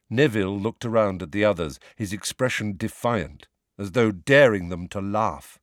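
A man giving a measured, expressive audiobook narration. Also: fairly low pitch, dry recording, studio quality.

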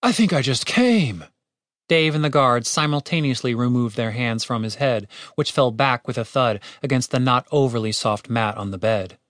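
A man narrating a comedic fantasy story with expressive, animated storytelling. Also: mid-range voice, normal speed, few pauses, no echo, clean studio sound.

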